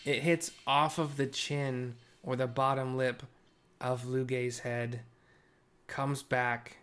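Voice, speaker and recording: A man casually narrating game cutscenes out loud as he plays, chatty, with fillers and self-corrections. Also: mid-range voice, level tone, slow pace, clear, resonant tone. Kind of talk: casual live audio description of game cutscenes.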